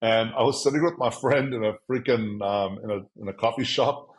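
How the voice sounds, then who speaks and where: A man's voice: mid-range voice, normal speed, low-quality recording. A man, an agency founder, telling his career story in a casual interview, acting out quotes from other people. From South Africa. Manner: animated, quotes himself and others in dialogue.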